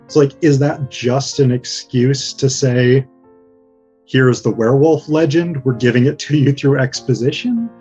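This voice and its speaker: A male host asking thoughtful, measured questions in a conversational interview. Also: mid-range voice, steady tone, mellow, slightly rough, highs cut off, soft background music.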